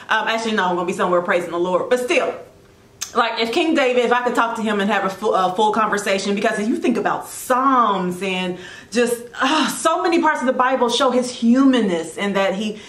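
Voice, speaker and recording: A woman giving a casual devotional talk about leadership, animated and chatty, with quick asides and self-corrections. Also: mid-range voice, reverberant. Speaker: Christian blogger giving devotional teaching.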